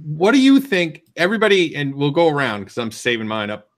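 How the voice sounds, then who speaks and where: A man's voice: on the high side, wildly swooping pitch, brisk, no echo, clean studio sound. A man hosting a live podcast, chatting casually and explaining things at length. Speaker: podcast host.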